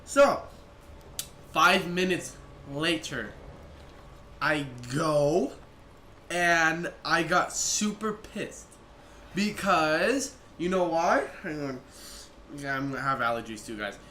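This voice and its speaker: A high-voiced young man tells a long story in a casual, rambling way, circling back and restarting his sentences. His voice sounds bright, and it echoes around a room with a faint hiss behind it. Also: slow pace, pauses often. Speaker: vlogger.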